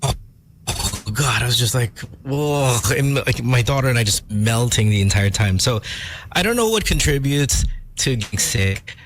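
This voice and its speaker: A sick man hosts a morning radio show from his home over a phone connection. He jokes easily and his pitch swings widely as he talks. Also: lively intonation, normal speed, slight background noise. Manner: easygoing, joking, mixes in Tagalog. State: sick, voice sounds different. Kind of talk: casual radio banter. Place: home bedroom. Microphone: phone data connection, remote.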